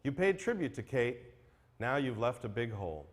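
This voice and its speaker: An earnest man reads tribute poems aloud as emcee of a memorial stream, humble and a little self-deprecating about his delivery. His mid-pitched voice rises and falls in a lively sing-song. The sound carries a long reverb, as if from a large hall. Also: normal speed. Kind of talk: reading tribute poems aloud, then introducing acts.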